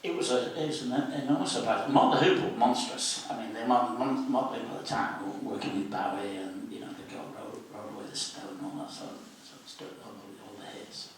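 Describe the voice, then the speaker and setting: A man's voice: on the low side, brisk, few pauses, slight background noise. Older man telling stories in an echoey hall. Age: 70s. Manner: lively raconteur, acts out quoted voices. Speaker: interview guest, former student union officer. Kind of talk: anecdotal storytelling at a public meeting. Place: civic meeting hall. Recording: very echoey hall, distant mic.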